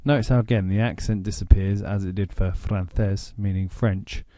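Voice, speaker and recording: A man with an English accent narrating a grammar lesson, explaining slowly and deliberately. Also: on the low side, fairly even intonation, warm tone, dry recording, clean studio sound. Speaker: language teacher.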